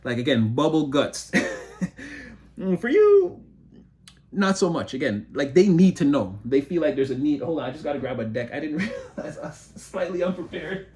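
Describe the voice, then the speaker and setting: Giggly, excitable man reading tarot. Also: a little high, moderate pace. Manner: excitable, giggly motor mouth; rambling, frequent laughter. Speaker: tarot reader. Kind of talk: casual spiritual reading.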